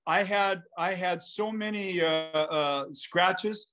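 High-voiced older man telling stories. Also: slow. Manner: animated, acts out quotes in his stories. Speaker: guest, basketball coach. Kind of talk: casual anecdotal storytelling.

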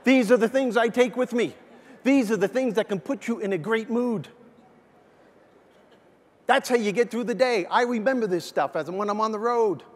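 High-voiced animated male comic speaker. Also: moderate pace, long pauses. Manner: animated, energetic storytelling. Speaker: motivational speaker. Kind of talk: humorous keynote stand-up. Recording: long hall reverb.

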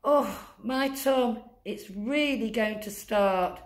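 A woman's voice: on the high side, slow pace. A woman voicing a fretful old Father Christmas in a storybook, with anxious, pleading, rising exclamations.

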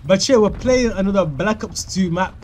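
A young man giving live gameplay commentary, excitable and crude, trash-talking opponents and shouting at kills. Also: high-pitched, moderate pace, slight background noise. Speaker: gaming YouTuber. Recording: faint music and gunfire behind. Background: game music and gunfire.

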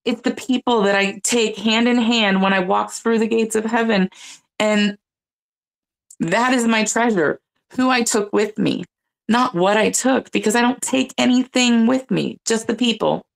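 A woman's voice: fairly high pitch, unhurried, gravelly, poor audio. A woman speaking earnestly as a panelist, sharing her personal faith story in casual chat, often restarting her sentences. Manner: earnest, searching, with many restarts.

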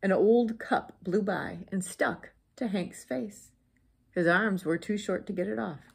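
A woman reading a children's picture book aloud, expressive and pointing out the pictures. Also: medium pitch, unhurried, vocal fry, slightly rough. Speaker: storybook reader.

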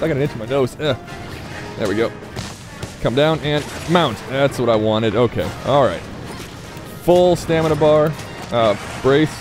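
A man giving casual let's-play commentary, chatting, cursing and talking to the monster as he plays. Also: mid-range voice. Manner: chatty, swears often, talks to the monster. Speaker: gameplay commentator. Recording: game music underneath. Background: game music.

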